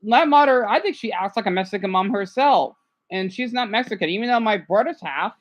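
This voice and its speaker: A woman's voice: medium pitch, expressive, brisk, highs cut off. A woman livestreaming, chatting casually as she reacts to videos, often adding "right?" to her points. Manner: chatty, frequent "right?" tags.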